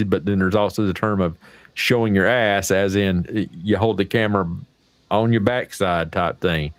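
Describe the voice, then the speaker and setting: A man's voice: on the low side, clear, resonant tone, dry recording. An American man hosting a casual livestream chat, talking in a folksy, profane, rambling way. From United States. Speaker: livestream host.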